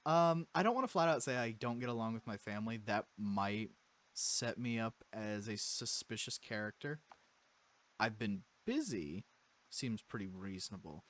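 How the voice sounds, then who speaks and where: A man's voice: lowish voice, animated, normal speed, a bit bright. A man playing a game and commenting on it, sarcastic and joking back at the story. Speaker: game player. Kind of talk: let's-play commentary.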